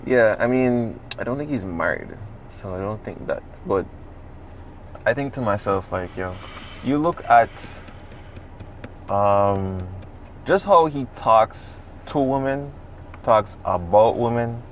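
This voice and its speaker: A man, co-hosting a podcast in casual chat, talking in an animated, profane, rambling way. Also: fairly low pitch, slow pace, a little hiss or hum. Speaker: podcast co-host.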